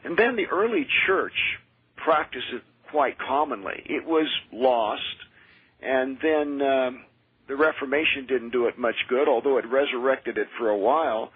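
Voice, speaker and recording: A man who is a minister and exorcist, telling his experiences in an earnest, measured way as a radio interview guest. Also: medium pitch, husky, dry recording. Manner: earnest, measured, with frequent restarts. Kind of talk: radio interview, personal storytelling. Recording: tinny dry phone line.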